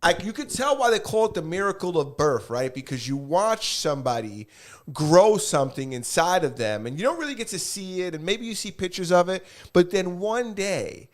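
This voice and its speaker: A man's voice: sits high, lively intonation, normal speed. A young man, co-hosting a podcast in casual, joking banter and swearing freely. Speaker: podcast co-host. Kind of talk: casual chat.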